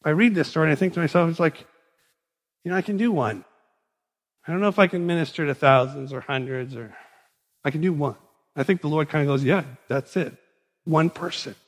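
Animated preacher man in an echoing hall. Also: on the high side, a little fast, long pauses. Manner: conversational, animated storytelling. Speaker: pastor. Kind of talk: sermon. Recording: long reverb in a large hall.

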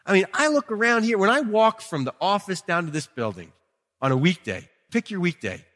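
A male pastor preaching a sermon in a church, chatting with the congregation, swinging from quiet asides to emphatic peaks. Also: sits high, big pitch swings, brisk. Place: church sanctuary. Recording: long reverb of a hall.

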